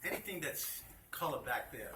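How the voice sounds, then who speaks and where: A man's voice: medium pitch, lively intonation, normal speed. Man running a fabric class in his shop, storytelling, heard from across a roomy space. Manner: chatty storytelling, repeats himself. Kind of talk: informal hands-on demonstration. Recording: roomy, distant mic, noisy shop.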